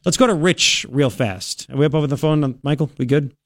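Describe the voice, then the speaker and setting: A man hosting talk radio, his voice sitting fairly high for a man. He talks emphatically, repeats himself and throws in quick asides. The studio sound is close and dry. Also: no echo. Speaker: radio talk show host. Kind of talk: talk radio monologue with live ad read. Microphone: studio microphone.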